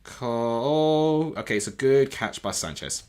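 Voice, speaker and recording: A man's voice: mid-range voice, animated, slow pace, darkish tone, clean tone. A man streaming a live football watchalong from home, reacting to the match and often correcting himself aloud as he goes. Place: home room with TV.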